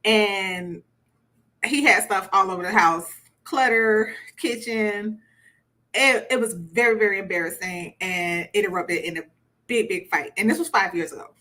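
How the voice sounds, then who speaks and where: A woman's voice: medium pitch, unhurried, bright, forceful tone. A woman teaching a conversational relationship workshop, chatty and repeating words for emphasis. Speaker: relationship coach.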